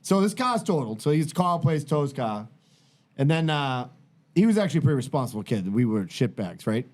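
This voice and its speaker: A middle-aged man telling a long, profane, rambling story in casual podcast chat, animated and full of tangents. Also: on the high side, fairly quick. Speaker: podcast host.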